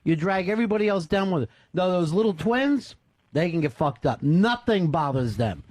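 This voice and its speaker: A man's voice: high-pitched, expressive, moderate pace, darkish tone, dry recording. A man hosting a radio talk show, chatting casually with his co-host and callers in a wry, joking and profane way. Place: radio studio. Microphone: studio microphone.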